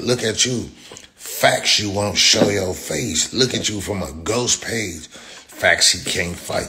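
Deep-voiced man ranting slowly and taunting. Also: bright, forceful tone. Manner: profane, taunting, repetitive. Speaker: social media commenter. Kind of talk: angry rant.

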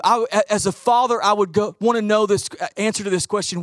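A middle-aged man preaching a sermon as pastor, telling animated stories and acting out the voices in them. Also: sits high, fast, few pauses, no room sound. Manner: animated storytelling, acts out quoted voices.

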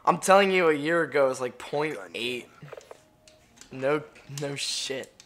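A gamer doing live gameplay commentary, ranting profanely at the match and bursting into excited yelling. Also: mid-range voice, a little slow, slight background noise. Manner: profane, frustrated ranting at the game.

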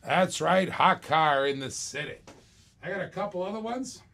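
Male auction host, live-stream sales patter, hyped and repetitive, slightly high, gravelly. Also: expressive, moderate pace, sharp tone.

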